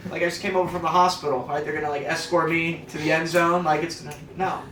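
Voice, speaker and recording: A man's voice: on the high side, flat delivery, fast, bright, forceful tone, far from the mic, slight background noise. A young man from the Midwest doing a self-deprecating stand-up comedy set, chatting with the crowd on a club stage. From American Midwest. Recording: roomy live club sound, crowd laughter. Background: audience laughing.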